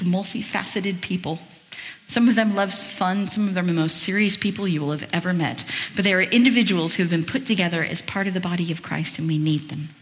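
A woman's voice: medium pitch, big-room sound. A woman giving a sermon as a guest speaker, talking conversationally with chatty asides and reading scripture aloud with expression. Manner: reads scripture aloud in a lively voice. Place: church.

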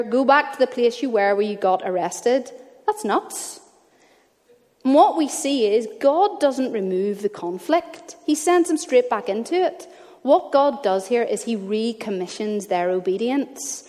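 A woman's voice: medium pitch, darkish tone. Woman preaching in a reverberant hall. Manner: conversational, earnest, personal storytelling. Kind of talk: sermon. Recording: long reverb of a church hall.

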